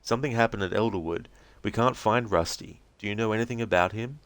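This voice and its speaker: A blunt, impatient federal agent, as a man reads him aloud, pressing for answers in curt lines. The voice is low and smooth. It sounds close and dry. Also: quick pace, dry recording, natural voice. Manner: blunt, pushy, swearing. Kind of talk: reading game transcripts aloud with voices.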